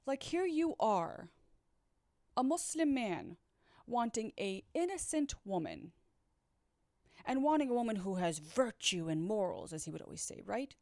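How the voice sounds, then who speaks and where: Speaking into her own microphone with a clean, echo-free studio sound, a woman recounts a past relationship in a casual vlog. She is blunt and candid, swears freely and addresses viewers directly in an animated way, and her fairly high voice runs a little slow.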